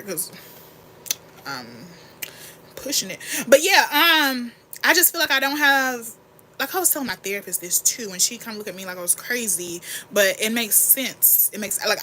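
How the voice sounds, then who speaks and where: A young woman chats in a bright, forward voice as she gets ready live on camera, rambling candidly and reacting to her viewers' comments. Her voice is close to a phone or webcam mic, with a faint room hum underneath. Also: mid-range voice. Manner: candid, rambling and animated, reads and answers chat. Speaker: livestream host. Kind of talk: casual get-ready-with-me livestream chat.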